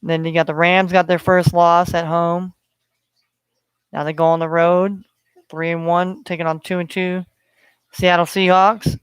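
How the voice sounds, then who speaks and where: A man's voice: high-pitched, little pitch movement, a little slow, long pauses, fairly bright tone, clean tone, dry recording. A man hosting a solo sports betting podcast, talking in a rambling way with many fillers. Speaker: podcast host.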